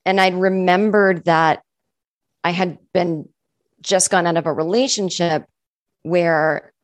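A woman's voice: on the low side, fairly even intonation, slow, no echo. Chatty woman comedian telling stories. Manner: chatty, fills speech with "like", acts out quoted people. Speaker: guest comedian. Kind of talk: casual podcast interview storytelling.

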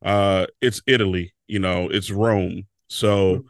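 A man hosting a podcast interview, asking halting questions with many fillers and restarts. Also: low voice, steady tone, no echo, clean studio sound. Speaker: podcast host. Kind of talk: casual interview.

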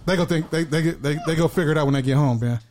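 A man's voice: a little high, very fast, darkish tone, faint music behind. A man hosting a casual podcast, laid-back and storytelling, acting out voices in his jokes. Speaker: podcast host.

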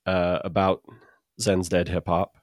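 Halting low-voiced man, dry sound. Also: flat delivery, no room sound. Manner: halting, with many restarts and fillers. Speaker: podcast co-host. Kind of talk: casual chat.

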